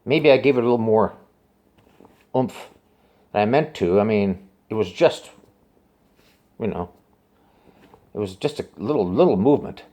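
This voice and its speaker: A musician tells a personal story directly to the camera, animated but rambling and halting, circling back to repeat himself. His pitch swings widely, dropping to low, hushed asides and jumping to high, urgent bursts.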